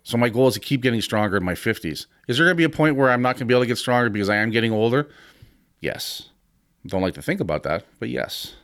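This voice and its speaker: A man's voice: mid-range voice, lively intonation, racing, few pauses, a bit bright, clean tone, dry recording, studio quality. A man in his fifties hosting a podcast, talking frankly and with some swearing about confidence and training. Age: 50s. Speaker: podcast host and gym owner. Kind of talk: casual podcast talk.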